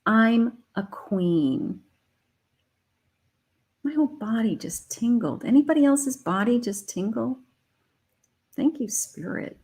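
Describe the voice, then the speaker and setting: A woman's voice: a little high, animated, moderate pace, mellow. A middle-aged woman, a psychic, giving a live tarot reading to her viewers in an emotional, uplifting way, with repeated affirmations.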